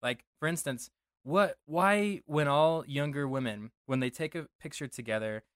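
This young Denver podcast co-host speaks a little high at a moderate pace, joking around in a rambling, self-correcting way during a casual chat. His audio is studio quality and free of echo.

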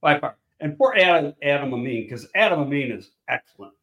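A man's voice: on the high side, lively intonation, fairly quick, fairly bright tone, reverberant. An older man, a guest in a casual chat, telling blunt, rambling football stories with swearing and restarts. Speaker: guest, former football scout.

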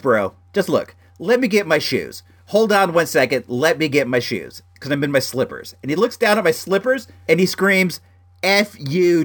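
A man spins a casual anecdote with a lively, swooping delivery, his voice sitting a touch higher than most men's. He leans on "like" at every turn and keeps the energy up as he talks straight to his listeners. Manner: animated, heavy use of "like" fillers. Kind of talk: casual storytelling.

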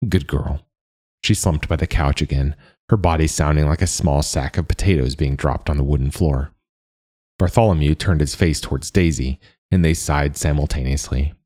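A man narrating a first-person story in a calm, measured way. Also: rumbling low.

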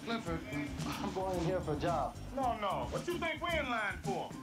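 A man's voice: sits high, very animated, normal speed. An actor playing a brash man cutting ahead in a job line, bossy and full of street slang. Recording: film soundtrack with loud music.

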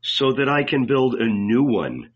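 A man's voice: medium pitch, sing-song, unhurried, dull audio. Man voicing a defiant, fiery preacher. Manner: firm, weighty, at times sarcastic.

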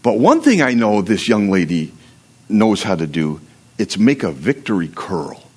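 A man's voice: on the low side, sing-song, a little slow, darkish tone, breathy edge. Man preaching a casual sermon. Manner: reads scripture aloud then preaches conversationally, with prayer and humor. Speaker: pastor. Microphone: livestream.

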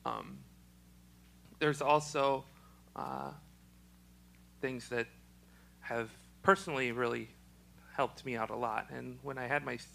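A young man, speaking haltingly in an interview with a choked, froggy-sounding voice. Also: mid-range voice, fairly even intonation, vocal fry, a bit bright, low-quality recording. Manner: halting, with many ums and restarts. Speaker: special education teacher. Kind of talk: casual personal testimony.

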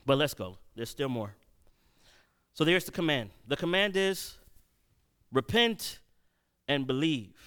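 A man preaching a sermon, telling a personal story and swinging between loud and hushed delivery. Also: a little high, clean tone.

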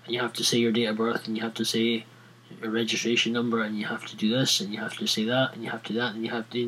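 A man's voice: medium pitch, a bit bright, husky, low-quality recording. A Scottish man talking casually to viewers, ranting at length with many restarts and fillers. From Scotland.

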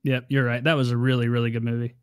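A man in casual chat, talking quickly and eagerly, jumping in with his points. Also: mid-range voice, flat delivery, smooth, no room sound, clean studio sound.

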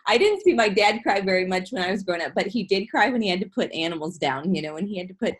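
A woman talking as a podcast guest in casual chat, reflective and quick to laugh. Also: mid-range voice, lively intonation. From grew up on a ranch. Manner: warm, reflective, laughs often.

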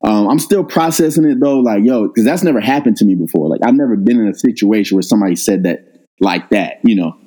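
A middle-aged man, a guest on an interview, telling a personal story in a casual, animated way and jumping up in pitch when he quotes himself. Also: fast, rough recording. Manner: animated retelling, rises sharply when quoting himself. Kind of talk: conversational storytelling.

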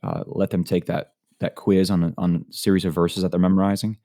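Male teacher co-host, deep and warm, laid-back chat with a sleepy edge. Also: a little fast. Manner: relaxed, easygoing, thoughtful with fillers. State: sleepy, early morning. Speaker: podcast co-host, high school teacher. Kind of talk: casual chat.

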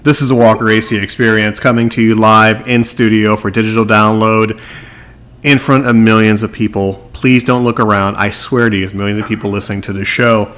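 A man's voice: fairly low pitch, steady tone, fairly quick, fairly bright tone. A man hosting a podcast, chatting casually and playfully, joking with his audience and his guest. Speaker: podcast host.

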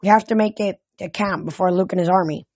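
A reader voicing a bossy, quick-thinking teenage girl demigod in a storybook reading, in a dry close recording. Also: high voice, fairly even intonation, no room sound, dull audio. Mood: decisive.

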